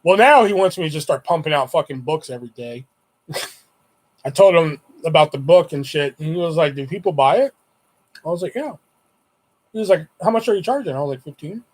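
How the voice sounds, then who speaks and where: A man's voice: fairly high pitch, lively intonation, brisk. A man telling a long rambling story on his vlog, swearing constantly and acting out the voices of his friends. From Houston area. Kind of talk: casual storytelling.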